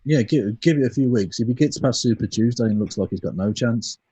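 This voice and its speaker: A British man co-hosting a loose political talk show, sardonic and given to swearing. His voice is slightly husky and recorded close and dry. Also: mid-range voice, expressive, warm tone, no echo, dull audio. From United Kingdom. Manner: sardonic, swears, quick asides. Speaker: podcast co-host. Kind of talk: casual political chat.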